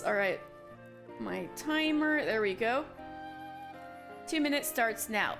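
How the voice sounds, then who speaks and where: Playful young woman streamer, high voice. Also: expressive, slow pace, gravelly, pauses often, a bit bright, faint music behind. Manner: chatty, exasperated, playful. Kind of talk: casual live-stream chat.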